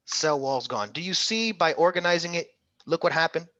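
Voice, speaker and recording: Man, exam tutor, upbeat coaxing manner, bright voice, dry slightly muffled audio. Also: on the high side, animated, moderate pace, no echo. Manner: upbeat, coaxing, calls on students by name. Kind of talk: interactive online class.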